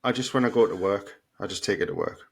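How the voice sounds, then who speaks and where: A man's voice: fairly low pitch, quick pace, slightly rough. A man co-hosting a podcast in casual chat, joking and self-deprecating. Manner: laughs easily, self-deprecating banter. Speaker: podcast co-host.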